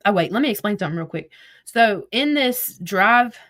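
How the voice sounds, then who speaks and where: A woman's voice: medium pitch, lively intonation, normal speed, a bit bright. A woman casually retelling a text conversation, reading each message aloud as "I said, she said" and swearing freely. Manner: swears freely, blunt and exasperated. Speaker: vlogger retelling online drama.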